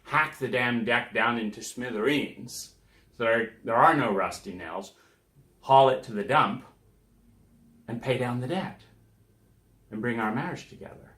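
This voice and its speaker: This man hosts a self-help podcast and speaks in a mid-range, slightly bright voice, keeping a measured pace broken by long pauses. The reflective monologue is conversational and emphatic, with him voicing the people he quotes. The room has a noticeable echo.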